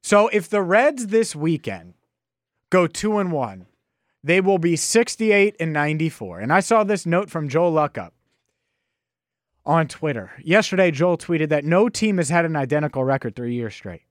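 A man hosting a solo sports podcast, telling stories in an animated, nostalgic, rambling way on a close microphone. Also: on the high side, moderate pace, no echo. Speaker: podcast host.

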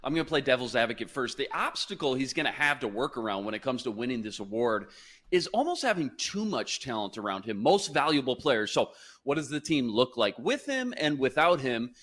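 A man co-hosting a sports podcast, laying out a measured, reasoned argument. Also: mid-range voice, big pitch swings, fairly bright tone. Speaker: podcast co-host. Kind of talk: sports analysis talk.

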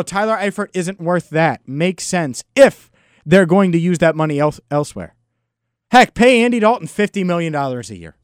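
A man's voice: sits high, no echo, clean studio sound. A man hosting a solo sports podcast, talking in an emphatic, frustrated and sarcastic way. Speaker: podcast host.

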